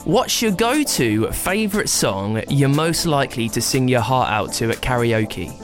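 A woman with an unusually deep voice reads out quick-fire questions. Her delivery is brisk and plain, though her pitch still moves freely. Faint music sits underneath. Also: very animated. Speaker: interviewer.

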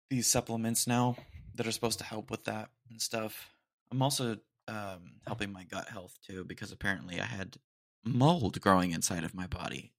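A man's voice: on the low side, vocal fry, fairly bright tone, dry recording, studio quality. A man hosting a casual solo podcast, rambling and joking as he talks. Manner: rambling and jokey, says "dude" a lot. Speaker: podcast host.

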